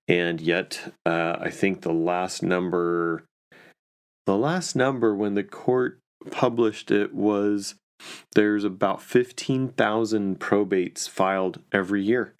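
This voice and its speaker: A man's voice: lowish voice, steady tone, slow, smooth. A man who is an estate planning and probate attorney, telling a story casually with many fillers and restarts.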